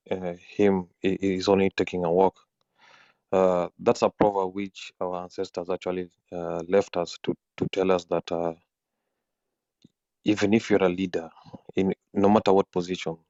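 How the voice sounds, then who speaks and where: A man speaks in a very low, flat, husky voice, earnest and halting, repeating words as he restarts his sentences. The audio is dull and dry, as from an online audio room. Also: dry recording. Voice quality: husky from just waking. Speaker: guest speaker. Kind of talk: spontaneous audio-room talk.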